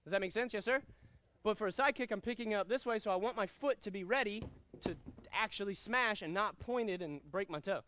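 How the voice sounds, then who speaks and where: A man teaching a karate class, giving energetic commands and calling out drills and counts. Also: high voice, brisk, slight background noise. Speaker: karate instructor. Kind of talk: martial arts class instruction.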